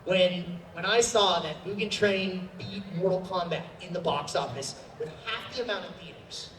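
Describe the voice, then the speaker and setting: Chatty male voice actor with a high voice, answering a convention Q&A in a roomy hall, picked up from afar over faint ambience. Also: moderate pace, a little hiss or hum. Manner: chatty, animated, with many fillers. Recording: roomy hall sound from a distant mic.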